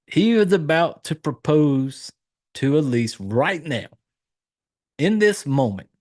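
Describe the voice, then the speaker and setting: Casual, profane podcast host recapping a film. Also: male voice, fairly high pitch, darkish tone. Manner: loose, profane, rambling with fillers and self-corrections.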